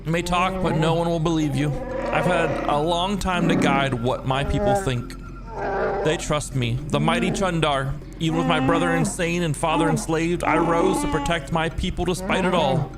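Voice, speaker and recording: A man's voice: fairly high pitch, steady tone, normal speed, loud music behind the voice, close to an everyday voice. A man voicing an arrogant, scheming male Wookiee chieftain, pompous and dismissive, reading game dialogue aloud in character. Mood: haughty.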